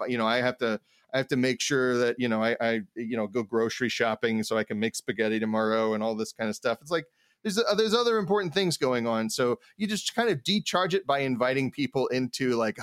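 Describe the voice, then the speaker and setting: A man's voice: mid-range voice, fairly bright tone, clear, resonant tone, no room sound, clean studio sound. A man co-hosting a tabletop gaming podcast, talking in a loose, rambling way full of restarts and "like, you know". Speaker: podcast co-host, game master. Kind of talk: casual chat.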